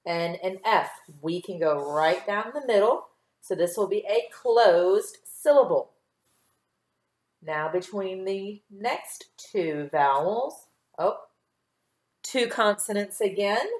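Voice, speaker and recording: A woman teaches a recorded phonics lesson to young children, speaking at a middle pitch. She draws each model word out slowly and clearly and keeps her tone patient and encouraging. The room around her gives back a noticeable echo. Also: animated, a little mellow. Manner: slow, clear enunciation with drawn-out model words. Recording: echoey room.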